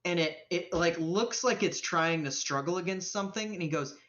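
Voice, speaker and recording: A woman's voice: fairly low pitch, normal speed, hardly any pauses, fairly bright tone, muffled recording. A woman running a live-streamed tabletop game as game master, narrating casually with lots of swearing and fillers. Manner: casual, profane, rambling with fillers.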